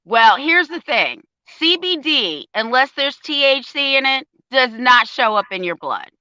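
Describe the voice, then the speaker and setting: A woman's voice: high-pitched, unhurried, clear, resonant tone, no room sound, dull audio. An older woman, a parent advocate, telling a story in casual talk and acting out the quoted voices. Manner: animated storyteller, acts out quotes.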